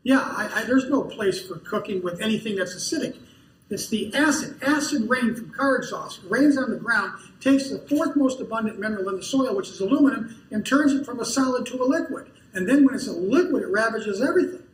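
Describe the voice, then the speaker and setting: High-voiced man telling stories in an echoey hall. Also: lively intonation, fairly quick. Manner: folksy storytelling with quoted dialogue. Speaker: conference speaker. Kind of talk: lecture with audience questions. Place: conference hall. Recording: echoey hall, distant mic, faint noise.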